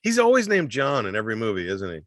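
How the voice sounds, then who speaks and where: A man co-hosting a comedy podcast, asking questions and tossing in quick quips. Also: lowish voice, huge pitch swings, a bit bright, no room sound, clean studio sound. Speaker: podcast co-host. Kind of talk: casual comedy podcast chat.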